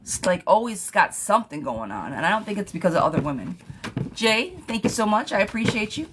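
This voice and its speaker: A woman's voice: mid-range voice, big pitch swings, a little fast, noisy background. A woman giving yes-or-no tarot readings on a livestream, chatting casually as she reads viewer questions aloud and thanks commenters. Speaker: tarot reader.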